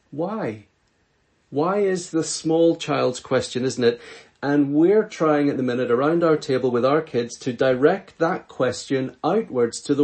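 A middle-aged male pastor reads scripture and preaches an earnest, measured sermon packed with rhetorical questions. His voice is mid-range and a little mellow.

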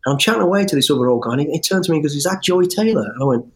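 A middle-aged man, an interview guest telling his life story in an animated, rambling way with restarts and swearing. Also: a little high, racing. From English West Midlands. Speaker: interview guest, former soldier. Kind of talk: storytelling in conversation.

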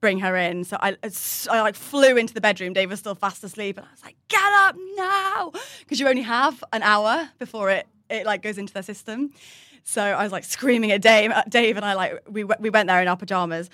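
A woman co-hosting a podcast, rambling through stories with self-deprecating humour. Her pitch is middling and her delivery casual. The sound is dry and close. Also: brisk, a bit bright, dry recording. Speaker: podcast co-host. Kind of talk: casual storytelling chat.

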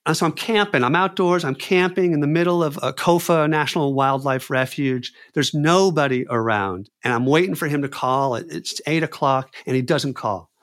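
A man with a somewhat high voice tells a personal story. He is animated and often repeats words and phrases as he goes. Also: normal speed, hardly any pauses. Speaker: clown performer telling a story.

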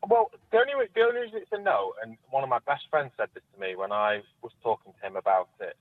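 A man's voice: mid-range voice, sing-song, quick pace, no room sound. Brief: male guest on a remote call, candid and hesitant, phone-quality audio. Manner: candid and searching, trails off mid-thought. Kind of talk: candid personal conversation. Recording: tinny dry phone-like line.

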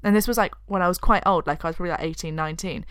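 A woman with a British accent co-hosting a podcast, telling stories in lively casual chat and swearing now and then. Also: fairly low pitch, racing, no room sound, clean studio sound. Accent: British English. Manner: animated storyteller, swears casually. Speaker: podcast co-host.

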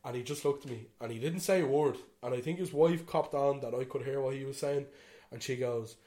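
A man's voice: medium pitch, fairly quick, few pauses, warm tone. Chatty Irishman telling a story. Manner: rambling, swears freely, "you know what I mean". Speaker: podcast co-host. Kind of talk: casual chat.

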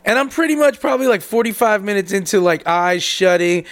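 A man telling stories in a casual chat, animated and quick to act out other people's voices. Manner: animated, jumps into high voice when acting out others.

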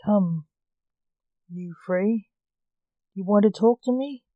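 A woman reading a storybook aloud, voicing the timekeeper, a knowing, calm older male uncle. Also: mid-range voice, slow pace, no echo, phone-quality sound, lightly acted.

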